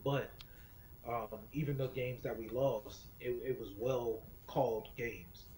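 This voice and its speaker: A man co-hosting a casual sports talk podcast, speaking in a measured way with frequent ums. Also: mid-range voice, steady tone, mellow, a little hiss or hum, low-quality recording. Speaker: podcast co-host.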